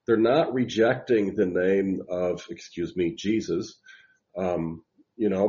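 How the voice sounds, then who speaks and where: Man, very low voice, earnest and emphatic, muffled call audio. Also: dark tone. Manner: earnest, emphatic, repeats himself. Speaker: Bible study participant. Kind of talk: casual discussion.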